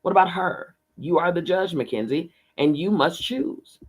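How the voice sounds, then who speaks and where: A man reading aloud, voicing a calm, wise female spirit guide who questions gently and patiently. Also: high voice, normal speed, slightly rough, voice pushed up, full character voice, poor audio. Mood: probing. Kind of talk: audiobook reading.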